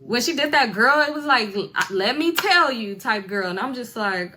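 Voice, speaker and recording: A bright-voiced young woman rambles through a casual storytime. She talks in slang and drops into other people's voices as she quotes them. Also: a little high, normal speed, slight background noise. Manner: chatty, slangy, acts out voices of relatives. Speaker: storyteller in a reacted video.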